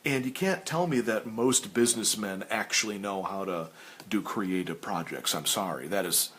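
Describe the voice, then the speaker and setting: Ranting man, lowish voice. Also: moderate pace, husky. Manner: animated ranting with stammered restarts. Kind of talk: casual chat while sketching.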